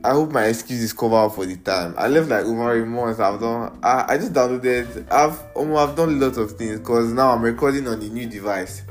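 A man's voice: medium pitch, a little fast, hardly any pauses. Young nigerian guy just vibing on his podcast, jokey and rambly, bit of guitar faint behind. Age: young adult. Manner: playful, rambling, mixes in pidgin slang. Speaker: podcast host. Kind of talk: casual solo podcast chat. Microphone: iPad.

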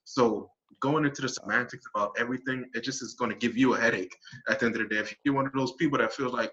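A man's voice: mid-range voice, fast, bright, forceful tone, lo-fi sound. A man in casual podcast chat, talking bluntly and emphatically. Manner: brash, emphatic, blunt opinions.

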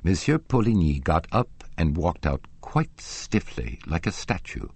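A man's voice: low voice, huge pitch swings, unhurried, a little mellow, husky, no room sound, exaggerated voice. A man reading as a haughty old box-keeper woman. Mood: indignant. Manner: haughty, insistent, gossipy storytelling. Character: indignant elderly woman, opera box-keeper. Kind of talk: audiobook reading.

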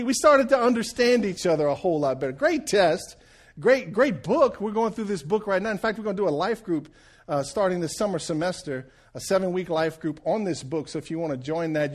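A man in his forties delivers a sermon with a slightly high-pitched voice. He tells homespun stories and jokes, asking the congregation if they follow him. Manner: folksy storytelling with jokes and audience check-ins. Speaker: pastor.

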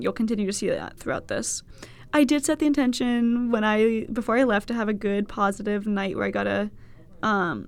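Gravelly-voiced young woman telling a story. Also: medium pitch. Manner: candid, swearing, laughing, animated quoted voices. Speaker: podcast host. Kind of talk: casual storytelling monologue.

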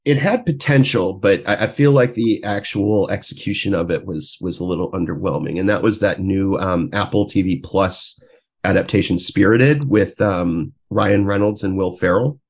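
A man co-hosting a casual podcast, talking in an animated way and reacting with incredulous swearing. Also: sits low, moderate pace, husky. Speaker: podcast co-host.

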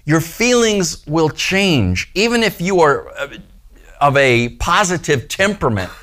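A man's voice: fairly high pitch, a bit bright. A man preaching a casual, playful sermon to a small church gathering, often acting out the voices he quotes. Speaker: pastor.

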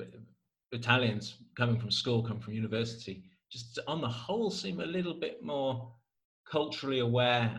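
A British man hosting a relaxed podcast chat, agreeable and quick to chime in with yeses. He reads listener questions and trades stories with his guest in an easy, conversational way. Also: fairly low pitch. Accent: British English. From Britain. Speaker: podcast host.

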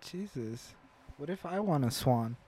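A man's voice: mid-range voice, lively intonation, a little slow, a little mellow, husky. A young man co-hosting a casual podcast, laid-back and skeptical, laughing often. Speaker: podcast co-host. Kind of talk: casual chat.

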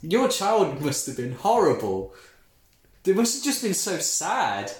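A man trading sarcastic, deadpan jokes in casual banter. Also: high voice, measured pace, roomy sound.

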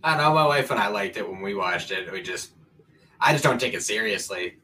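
A man's voice: lowish voice, lively intonation, fairly quick, sharp tone, a little hiss or hum, poor audio. A man co-hosting a podcast in casual chat, talking in a laid-back, offhand way. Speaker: podcast co-host.

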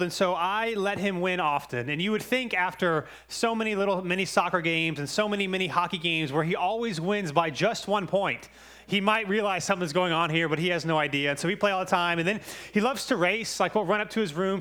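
A man's voice: high-pitched, pushed and bright. A man in his thirties, a pastor preaching a Sunday sermon to his church, conversational and self-deprecating. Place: church sanctuary.

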